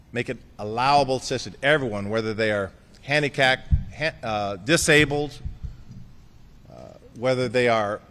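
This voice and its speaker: A man's voice: mid-range voice, sharp tone, long reverb tail. A man giving a concession speech as outgoing mayor. He jokes and thanks people by name with affection.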